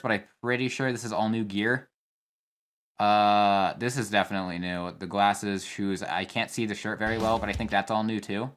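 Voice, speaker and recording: A man's voice: lowish voice, fairly bright tone. Rambling young man reacting casually. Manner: rambling, thinks aloud with fillers and restarts. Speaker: competitive player reacting to a trailer. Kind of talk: casual video commentary.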